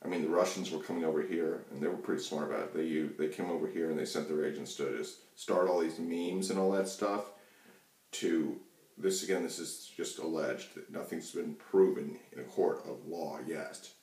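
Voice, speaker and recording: Man, very deep voice, rambling profane political rant, roomy echo, distant mic. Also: normal speed, darkish tone. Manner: rambling, profane, many fillers and restarts. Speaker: channel host. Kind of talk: casual political rant to camera. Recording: echoey room, mic far off.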